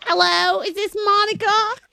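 Squeaky giggly little puppet monster a woman puts on, super high, shouty and excited. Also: measured pace, gravelly, no room sound, heavily acted. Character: Elmo, small red furry puppet monster, childlike and giggly.

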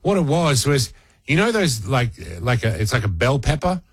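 A man's voice: mid-range voice, very animated, normal speed, breathy edge, no room sound. An Australian man hosting radio, telling a rambling, self-mocking story with many restarts, on a studio mic. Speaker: radio host. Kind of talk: casual storytelling chat.

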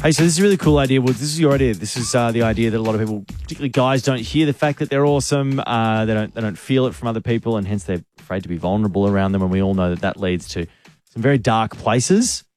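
A man's voice: mid-range voice, quick pace, a little mellow, faint music behind. A young man hosting a radio show, chatting in a friendly, upbeat way. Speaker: radio host. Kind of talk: casual radio chat.

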